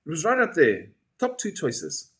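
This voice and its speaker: A man's voice: on the high side, huge pitch swings, normal speed, a bit bright, pitched above the performer's own voice. A man doing an eager, stammering young American woman. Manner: hesitant, stammering.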